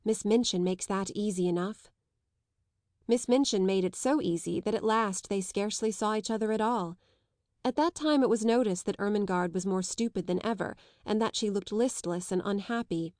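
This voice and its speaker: Woman audiobook narrator, measured literary reading, dry close sound, mid-pitched voice. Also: darkish tone, no echo. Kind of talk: scripted narration of a classic novel.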